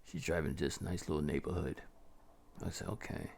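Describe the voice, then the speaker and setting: A man telling a first-person horror story in a slow, menacing, often half-whispered gravelly voice. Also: a bass voice, fairly even intonation, darkish tone, a little hiss or hum.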